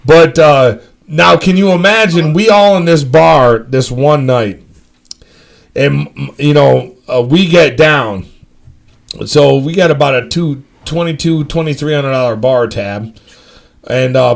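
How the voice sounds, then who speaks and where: A man's voice: medium pitch, measured pace, vocal fry. A man telling a rambling, profane story among friends. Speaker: storyteller on a live stream.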